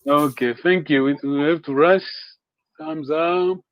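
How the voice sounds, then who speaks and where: High-voiced, slow, encouraging teacher man. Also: dry recording, highs cut off. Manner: encouraging, repeats words slowly to model them. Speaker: language teacher. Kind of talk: online class instruction.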